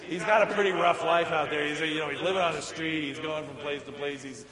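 Against a loud crowd, a middle-aged pastor talks quickly with hardly any pauses, his voice on the high side. His sermon in the church sanctuary is casual and conversational, peppered with chuckles and fillers. The recording carries the echo of the church hall.

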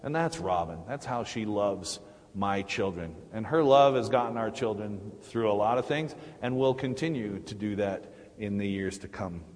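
A middle-aged man giving a personal Mother's Day sermon in a church, with halting restarts and fillers. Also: on the low side. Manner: halting, many restarts and fillers, warm laughs. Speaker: church speaker. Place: church sanctuary. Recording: long hall reverb.

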